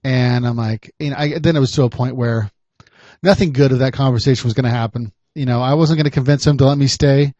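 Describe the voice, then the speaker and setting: A man hosting a podcast, a private investigator telling a story in a chatty, animated way. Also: medium pitch, a little fast, dry recording, lo-fi sound. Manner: animated, chatty, laughs often.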